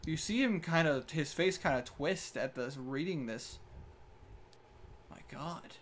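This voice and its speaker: Young guy dm-ing a voice chat game, kinda high voice, trips over words, faint hiss. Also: normal speed. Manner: animated, laughs often, stumbling restarts. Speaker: dungeon master.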